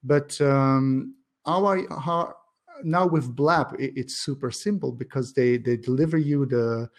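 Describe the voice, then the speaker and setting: A man's voice: medium pitch, a little slow. Hesitant man asking questions. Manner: hesitant, many fillers and restarts. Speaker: interviewer. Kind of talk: casual video call chat.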